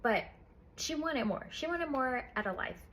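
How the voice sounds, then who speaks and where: A woman's voice: high-pitched, lively intonation, unhurried, fairly bright tone. A woman in a casual book review chat, retelling the story in a chatty, profane way with lots of "like".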